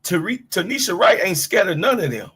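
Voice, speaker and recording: A man's voice: high voice, sing-song, fairly quick, a bit bright, slightly rough. A middle-aged man from Chicago giving a fiery, profane sports rant to his livestream chat. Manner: fiery, profane, preachy, talks straight to chat.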